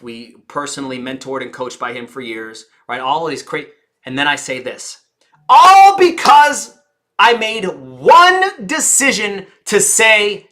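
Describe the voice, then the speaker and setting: A woman speaking coach teaching a live audience, theatrical and engaging, who deliberately slows down, drops her volume and pauses for effect, and puts questions to the listeners. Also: very deep voice, sharp tone. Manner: theatrical, shifts pace and volume on purpose, dramatic pauses.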